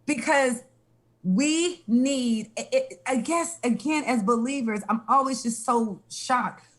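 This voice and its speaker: A woman with a somewhat high voice gives health advice in a casual chat. She speaks frankly and with emphasis, and laughs now and then. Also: slow. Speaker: health guest.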